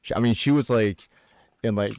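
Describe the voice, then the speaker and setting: An American man streams from home while gaming, casually telling a story and laughing between sentences. His mid-range voice has a darkish tone and a moderate pace, recorded at studio quality with no echo.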